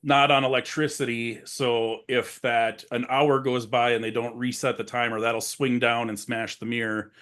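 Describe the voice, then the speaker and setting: A man's voice: mid-range voice, flat delivery, moderate pace, few pauses, fairly bright tone. A man co-hosting a podcast, retelling film scenes in a rambling, casual way full of fillers. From rural area. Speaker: podcast co-host.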